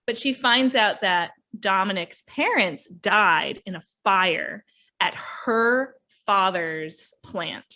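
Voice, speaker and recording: Bright, animated young woman chatting. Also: medium pitch. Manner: animated, acts out characters' lines in quick quotes. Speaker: podcast host reviewing books. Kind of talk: casual chat.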